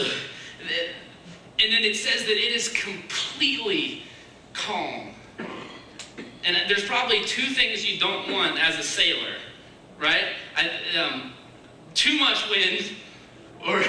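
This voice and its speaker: A man giving a casual, searching sermon, dropping to a hushed voice when he voices other people's prayers. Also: sits high, expressive, takes it slowly, pauses often. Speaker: preacher. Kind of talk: conversational sermon. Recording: echoey room, mic far off, faint hiss.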